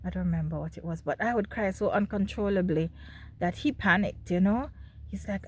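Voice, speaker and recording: A woman's voice: medium pitch, unhurried, a little mellow. Jamaican woman telling her own story. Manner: candid, speaks directly to viewers, laughs between remarks. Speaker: host. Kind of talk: personal storytelling monologue.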